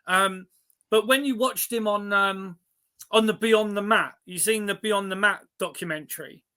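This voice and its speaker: A male podcast host with a high, bright voice chats casually with his guest. He sounds agreeable and easygoing and swears freely as he asks his questions. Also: moderate pace, smooth. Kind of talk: casual interview chat.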